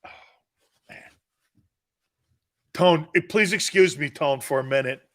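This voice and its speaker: Male sports talk host, bright high voice, unhurried, playful ribbing of callers. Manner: teasing, joking, often laughing, responds to chat. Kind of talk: live sports talk show banter.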